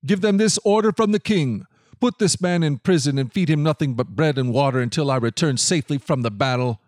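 A man's voice: a little high, fairly quick, darkish tone, no echo, studio quality, close to an everyday voice. A man voicing a resentful, commanding king in a scripted Bible reading, curt and demanding. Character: middle-aged male king, resentful and commanding.

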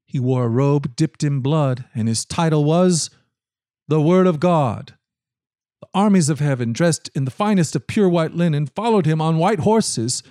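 A man giving a measured, solemn scripted Bible reading. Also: on the high side, dark tone, dry recording, studio quality. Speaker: scripture reader.

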